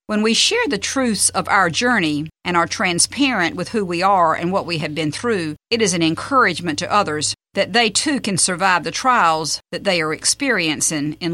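A woman's voice: mid-range voice, pushed and bright, dry recording. A woman hosting a Christian devotional radio program, talking earnestly and reading scripture.

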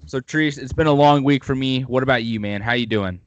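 A man's voice: mid-range voice, brisk, no echo, dull audio. A man hosting a podcast, chatting casually and at length about football with opinionated rambling. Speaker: podcast host.

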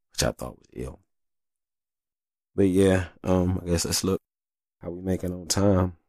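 A deep, gravelly, darkish voice belongs to a man hosting his own podcast, recorded in clean studio sound with no room echo. He rambles through casual stories in a profane, chatty style, often throwing in "you know what I'm saying."

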